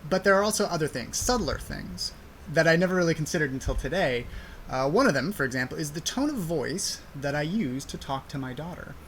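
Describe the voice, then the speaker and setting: A man's voice: a little high, lively intonation, fairly quick, a bit bright, slight background noise. A young man hosting a podcast, explaining a study in a casual, conversational way with frequent fillers. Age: young adult. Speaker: podcast host.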